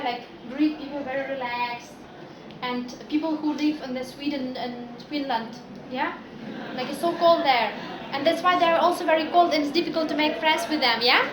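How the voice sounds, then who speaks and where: A woman's voice: high-pitched, noisy background. A woman from Ukraine giving a chatty, anecdotal talk to a class as a guest speaker, with many fillers like "like" and "yeah". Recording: echoey classroom with students.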